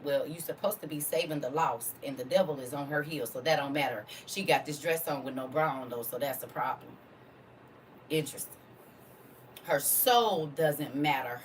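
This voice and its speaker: A woman's voice: deep voice, moderate pace, slight background noise. Fervent woman preacher, distant mic. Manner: fervent, rhetorical questions, vernacular. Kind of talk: informal preaching to a congregation.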